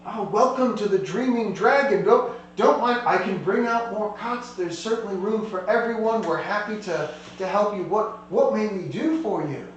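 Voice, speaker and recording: A man's voice: high voice, normal speed, few pauses, dull audio, pitched above the performer's own voice, lightly acted. A man doing a fawning, ragged innkeeper. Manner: fawning, eager to please. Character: ragged, overly welcoming male innkeeper. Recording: echoey room, distant mic, faint hum.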